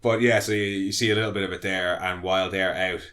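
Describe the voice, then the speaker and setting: A man's voice: low voice, steady tone, quick pace, a bit bright. Man recapping plot with dry laughs. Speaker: podcast co-host. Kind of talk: casual chat.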